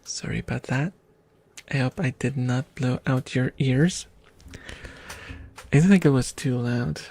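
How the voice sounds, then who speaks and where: A man chatting softly and rambling with viewers on an ASMR livestream, giggling now and then. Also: medium pitch, a little slow, gravelly, faint music behind. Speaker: ASMR streamer. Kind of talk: soft-spoken ASMR livestream. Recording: loud steady background noise. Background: whirring small fan.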